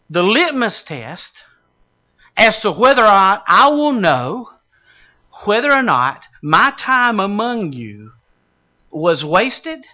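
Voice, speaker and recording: Man, preacher, sermon, dramatic loud and hushed delivery, bright forceful voice. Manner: dramatic shifts from shouting to hushed low tones.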